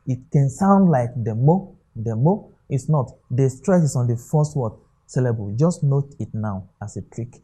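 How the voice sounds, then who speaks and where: A man with a Nigerian English accent gives an exam-prep English lesson, leaning on rhetorical questions and repeated "okay?" checks. He speaks at medium pitch with a dark tone.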